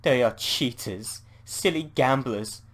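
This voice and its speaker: A man with a British accent voicing an unhinged, murderous young woman gambler who flips from quiet calm to rage in a text adventure. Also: mid-range voice, slow. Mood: coldly calm.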